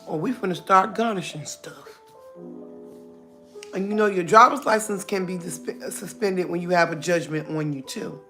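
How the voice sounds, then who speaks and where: A woman's voice: fairly low pitch, normal speed, pushed and bright, faint music behind. A middle-aged woman hosting a casual livestream, talking bluntly, greeting viewers by name and laughing often. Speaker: livestream host.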